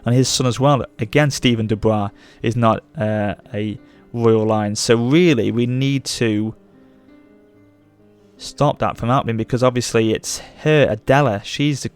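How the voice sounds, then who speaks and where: A young man commenting on his strategy game as a let's play host, gushing with excitement. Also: medium pitch, a little slow, clear, resonant tone, faint music behind. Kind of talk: gameplay commentary.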